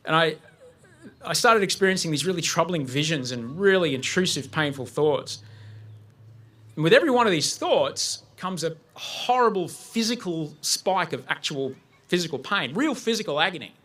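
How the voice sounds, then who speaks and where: A man's voice: fairly high pitch, expressive, moderate pace, a bit bright. A man speaking to an audience, telling a personal story vividly and acting out his own panic. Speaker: guest speaker. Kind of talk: personal story told on stage.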